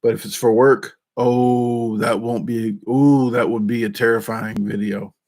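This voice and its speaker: A man's voice: medium pitch, little pitch movement, unhurried, darkish tone. Rambling self-deprecating male vlogger. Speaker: YouTube channel host. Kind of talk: casual rambling chat. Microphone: desk microphone.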